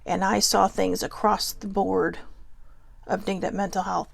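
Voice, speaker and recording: Gravelly-voiced woman talking from the heart. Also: medium pitch, level tone, measured pace, dry recording. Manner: heartfelt, reflective, storytelling. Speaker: mental health vlogger. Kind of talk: earnest personal talk to viewers.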